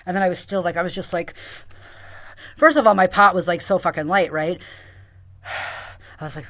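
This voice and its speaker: A woman's voice: fairly low pitch, normal speed, pauses often, fairly bright tone. A young woman telling a long, rambling, profane story, venting about a friend and a boss, with lots of "like.". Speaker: vlogger. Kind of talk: casual storytelling rant.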